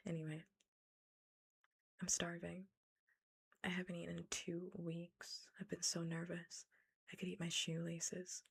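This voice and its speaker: Whispering woman reading a storybook, gravelly. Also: fairly low pitch, measured pace, pauses often. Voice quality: unvoiced whisper. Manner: animated, incredulous asides between chapters. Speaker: streamer reading a novel aloud. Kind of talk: whispered ASMR storytelling with chat asides. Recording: close mic, ASMR setup.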